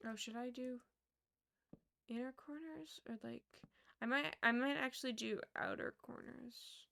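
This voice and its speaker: Young female streamer with a slightly high, creaky voice; chatty and relaxed, mutters while she works. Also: measured pace. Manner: mutters and counts under her breath, chatty storyteller. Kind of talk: casual chat while building in a game.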